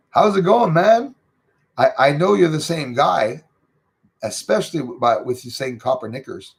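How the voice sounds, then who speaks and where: A man's voice: a little high, lively intonation, a little slow, vocal fry, breathy edge. A middle-aged man, chatting casually and rambling with lots of fillers as host of his livestream. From Canada. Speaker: channel host reading live chat.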